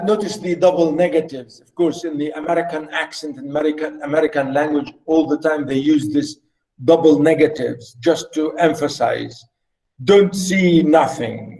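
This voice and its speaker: A man's voice: fairly high pitch, darkish tone, low-quality recording. A man teaching literature, explaining a play line by line and rephrasing his points often. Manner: repetitive, rephrasing, halting with fillers.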